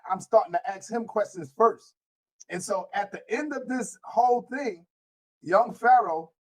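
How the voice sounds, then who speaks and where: A man's voice: high-pitched, fairly bright tone. A man hosting an interview show and casually telling a story to camera. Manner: laid-back, chatty.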